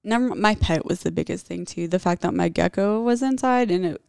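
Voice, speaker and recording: Gravelly young woman, blunt and profane. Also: fairly low pitch, fairly quick, darkish tone, no echo, studio quality. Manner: blunt, heavy swearing, candid. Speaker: vlogger telling a personal story. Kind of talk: casual confessional storytime.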